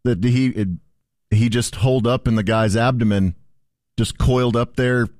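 A man co-hosting a sports radio show, tossing out deadpan wisecracks in casual banter. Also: mid-range voice, moderate pace, dry recording, clean studio sound. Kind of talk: irreverent comedic chat. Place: radio studio.

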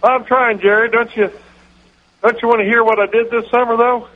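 A man voicing a dim, rambling football coach who talks in a slow, dopey drawl. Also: extremely high pitch, flat delivery, phone-quality sound. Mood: goofy. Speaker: impression on a radio comedy bit.

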